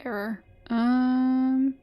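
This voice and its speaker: A woman's voice: high voice, fairly even intonation, drawn-out words, highs cut off, soft background music. A woman streaming a game, reading its dialogue aloud between chatty asides. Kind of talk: live-streamed gameplay commentary.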